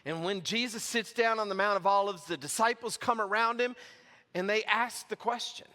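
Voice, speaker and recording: Man, pastor, high-pitched, bright, casual conversational sermon, reverberant church hall. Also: moderate pace. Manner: casual, conversational preaching with scripture reading. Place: church sanctuary.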